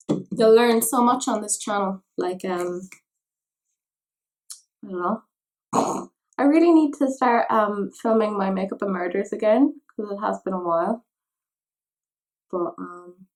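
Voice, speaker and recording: A woman's voice: mid-range voice, measured pace, long pauses, a little mellow. Chatty Irish woman doing her makeup. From Ireland. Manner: chatty, self-mocking, rambling asides. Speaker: makeup vlogger. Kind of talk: casual chat while doing makeup.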